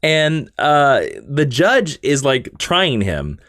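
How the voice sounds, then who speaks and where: A man hosting a podcast, telling a story in a casual, animated way and acting out characters as he goes. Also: a little high, slow pace, no room sound, clean studio sound. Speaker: podcast host. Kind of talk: casual chat.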